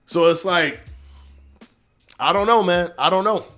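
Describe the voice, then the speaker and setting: A man hosting a live stream, arguing his points and answering chat comments in a casual, animated way. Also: sits high, a little slow, soft background music. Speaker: livestream host reading chat.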